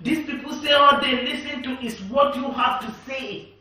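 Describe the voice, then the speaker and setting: A woman's voice: high voice, normal speed, sharp tone. A woman preaching a sermon in repetitive, emphatic declarations. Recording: echoey room, distant mic.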